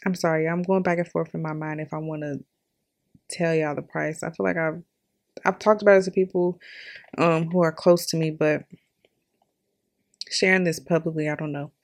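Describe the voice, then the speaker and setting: Young female podcaster, storytelling monologue, candid, animated, lots of laughs. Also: low-pitched, moderate pace, long pauses. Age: young adult. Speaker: podcast host. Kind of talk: personal storytelling.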